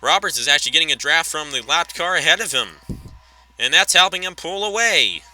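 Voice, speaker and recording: Bright-voiced male race caller. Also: fairly high pitch, lively intonation, low-quality recording. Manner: rapid call with self-corrections and chatty asides. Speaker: race commentator. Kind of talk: play-by-play race commentary.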